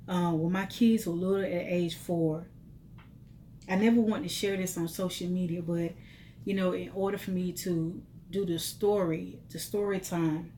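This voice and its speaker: Middle-aged woman, lower voice, heartfelt storytime vlogger, faint hiss behind. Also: a little mellow. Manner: testifying, repetitive, speaks directly to viewers. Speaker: vlogger telling her life story. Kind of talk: emotional storytime vlog.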